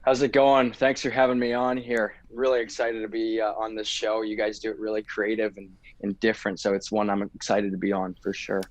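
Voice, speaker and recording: A Canadian man speaks as an interview guest in a fairly low voice, recorded dry and close. He tells his story with animation, circling back over his words as he builds to a point. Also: completely flat delivery, fairly quick, hardly any pauses, no room sound.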